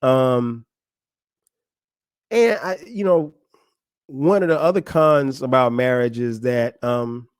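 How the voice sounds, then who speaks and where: A man's voice: mid-range voice, darkish tone, dry recording, clean studio sound. Laid-back man giving marriage advice. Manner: conversational, laughing often, addressing a friend directly. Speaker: podcast host. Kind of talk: casual advice monologue.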